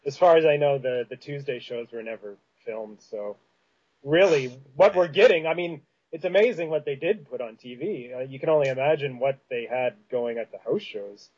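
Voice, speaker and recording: A man's voice: mid-range voice, moderate pace, darkish tone, lo-fi sound. A man with a Canadian Prairies accent hosting a podcast in casual chat, rambling with many fillers and restarts. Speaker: podcast host.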